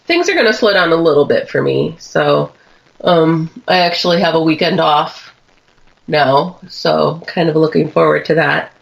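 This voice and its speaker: A woman co-hosting a chat show, hoarse from a sinus cold, her voice low and husky, chatty and quick to laugh. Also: animated. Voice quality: lowered, husky sick voice. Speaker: podcast co-host. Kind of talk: casual chat. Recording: dull lo-fi stream audio.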